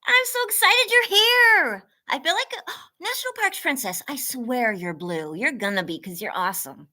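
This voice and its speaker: A bubbly woman chats live with her viewers. She squeals hellos and coos at her dogs, and her voice is high-set, bright and swoops all over. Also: expressive, normal speed. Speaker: livestream host. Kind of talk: casual livestream chat greeting viewers.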